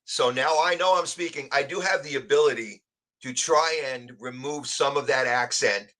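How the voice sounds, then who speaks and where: Speaking at a normal speed in a medium pitch, this New Yorker guests on a live stream. He has a New York accent and tells animated stories in a relaxed, chatty way.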